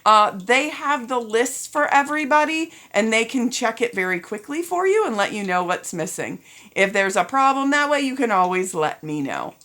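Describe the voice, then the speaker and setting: Woman principal talking to kids and parents, upbeat but a bit teary, kinda high voice. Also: lively intonation, normal speed. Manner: upbeat, addresses students as ladies and gentlemen. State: getting teary. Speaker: school principal. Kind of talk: end-of-year video announcement.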